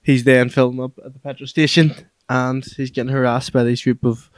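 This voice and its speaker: Podcast co-host, man, mid-pitched, lively storyteller, dry close sound. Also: a little fast, no room sound. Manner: animated storytelling, acts out quotes. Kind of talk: casual chat.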